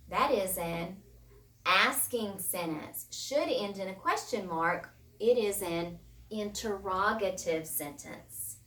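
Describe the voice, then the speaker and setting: A woman's voice: medium pitch, takes it slowly, fairly bright tone. A patient woman teacher talks through a recorded lesson for her students and goes over each point more than once. Her voice is picked up from a distance. It echoes in a roomy space. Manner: patient, repeats key points.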